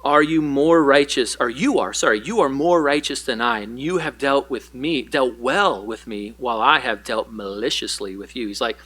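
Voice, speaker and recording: A man's voice: medium pitch, normal speed, a bit bright. A male pastor teaching a Bible study, retelling scripture in a casual, conversational way and paraphrasing the characters' dialogue.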